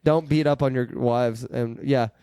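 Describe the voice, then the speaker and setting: A man's voice: mid-range voice, steady tone, a little slow, mellow, clear, resonant tone, dry recording. A man hosting a podcast, telling profane stories in casual chat with frequent laughter. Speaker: podcast host.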